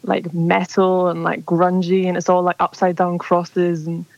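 A woman's voice: on the low side, monotone, a little slow. A young woman calling in to a radio show, chatting casually and rambling with lots of "like". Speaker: caller. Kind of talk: casual phone chat. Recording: dull dry phone line.

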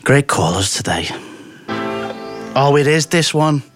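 A man's voice: mid-range voice, very animated, unhurried, over music. A man with a Scouse accent hosting a radio show, chatting and joking with a caller in a chummy way. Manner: jokey, chummy, calls people mate. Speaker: radio host. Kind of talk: casual radio chat with a caller.

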